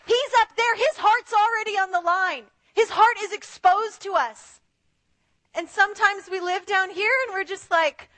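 A woman preacher giving an animated sermon who acts out the voices of the people she quotes. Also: extremely high pitch, a little slow.

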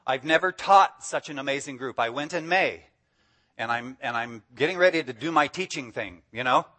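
A man preaching a sermon with lively enthusiasm. He drives his points home emphatically and laughs freely between them, in a voice of ordinary middle pitch. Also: moderate pace. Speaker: guest preacher.

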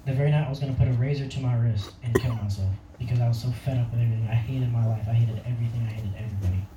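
A man's voice: mid-range voice, steady tone, very fast, echoey room, far from the mic, muffled recording, background noise. Young man giving a rambling testimony. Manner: rambling, casual, laughs often. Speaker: testimony speaker. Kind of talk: personal testimony.

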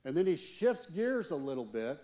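A man, a church elder, preaching a sermon with earnest, slow, emphatic pauses. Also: a little high, very animated, warm tone.

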